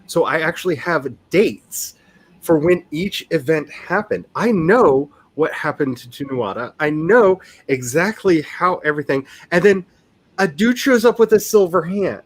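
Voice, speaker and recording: A woman with a Southern US accent, an author chatting casually on a writing livestream, animated and self-mocking. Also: sits low, a little slow, breathy edge.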